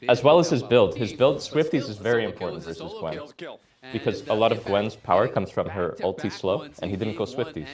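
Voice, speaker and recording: A man's voice: on the low side, expressive, fairly quick, a crowd in the background. A man hosting a watch party, talking casually and giving matter-of-fact game analysis with dry jokes. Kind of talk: casual chat with friends.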